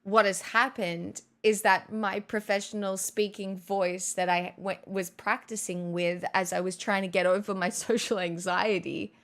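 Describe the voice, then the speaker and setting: A woman's voice: medium pitch, steady tone, a little slow, hardly any pauses, a bit bright. A young woman live streamer chatting casually and rambling at her desk, self-mocking and swearing freely into a good studio mic.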